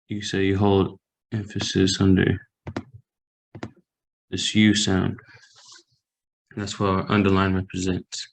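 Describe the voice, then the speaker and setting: A man's voice: sits low, monotone, takes it slowly, creaky, pauses often, a little hiss or hum, low-quality recording. A man teaching a language class over a video call, patiently explaining and repeating example phrases. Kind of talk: online language lesson. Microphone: computer mic on a video call.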